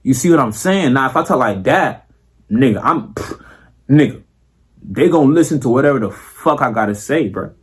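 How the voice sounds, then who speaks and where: A man's voice: medium pitch, animated, normal speed, slightly rough. A young man with a Florida accent, talking casually and profanely to camera as a content creator, full of slang and filler tags. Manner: slangy and profane, repeats "you feel me".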